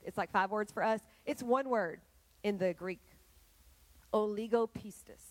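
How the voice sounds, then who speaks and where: Woman preacher, animated storyteller, mid pitch, dry close sound. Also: measured pace, no echo, poor audio. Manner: animated storytelling, addressing the congregation directly. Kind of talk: sermon.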